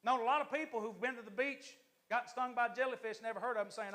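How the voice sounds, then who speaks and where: A man, an assistant pastor, preaching a lively, joking sermon to his church congregation. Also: very high-pitched, quick pace.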